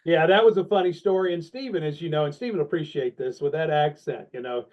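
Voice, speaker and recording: A middle-aged man tells animated, self-deprecating stories in a relaxed podcast interview. His voice sits a little high for a man. The recording is dull and lo-fi, with the top end rolled off. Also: fast. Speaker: guest, longtime sales leader. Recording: dull, lo-fi sound.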